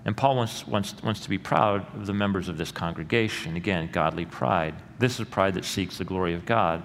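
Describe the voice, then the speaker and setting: A middle-aged male pastor preaching a sermon in a church, earnest and rising to loud emphatic peaks. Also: sits low, moderate pace, vocal fry. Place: church sanctuary. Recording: long hall reverb with faint room noise.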